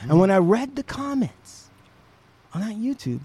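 Man telling a story, high-pitched and profane. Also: measured pace, husky. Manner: profane, animated retelling. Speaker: podcast host. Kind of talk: casual storytelling chat.

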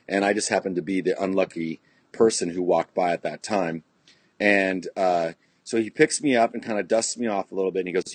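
A man's voice: sits low, brisk, darkish tone, slightly rough, dry recording. A middle-aged man from California telling a story in casual podcast chat, rambling and profane, full of restarts and "you know". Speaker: podcast guest, punk musician.

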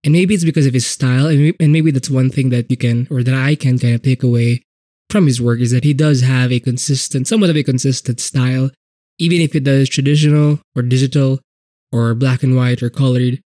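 A man's voice: medium pitch, fairly even intonation, a little fast, mellow, dry recording, clean studio sound. A man hosting a casual solo podcast, rambling with many fillers and frequent swearing, talking with a blocked nose. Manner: rambling, profane, lots of fillers. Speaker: podcast host.

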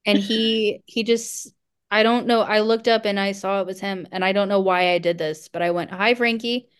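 A woman's voice: medium pitch, little pitch movement, normal speed, smooth. A woman co-hosting a podcast, telling rambling, self-deprecating stories in casual chat and laughing often. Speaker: podcast co-host.

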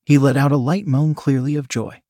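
Man narrating a scripted story, measured, steady, mid-pitched, dry close sound. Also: no echo.

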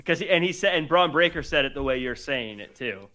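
A man co-hosting a wrestling podcast in easy, conversational chat. His voice is bright and sits a little high. He laughs readily between points. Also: animated, a little fast. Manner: easygoing, laughs often. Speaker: podcast co-host.

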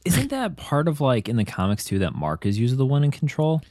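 A man in casual chat as a podcast co-host, animated and acting out lines he quotes. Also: medium pitch, quick pace, no room sound, studio quality.

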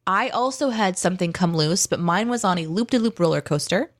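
Woman in her thirties, casual co-host, animated storyteller, lively swooping pitch, acts out quotes. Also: fairly quick. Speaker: co-host reading chat. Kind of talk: casual chat.

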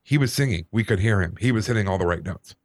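A man on a podcast, casually telling a personal story in an animated, self-deprecating way. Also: lowish voice, quick pace, no room sound, clean studio sound. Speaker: podcast co-host.

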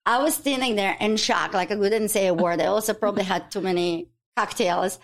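A woman, a guest on a podcast, telling a story quickly and expressively and acting out the dialogue. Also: medium pitch. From Ukraine. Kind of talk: animated storytelling.

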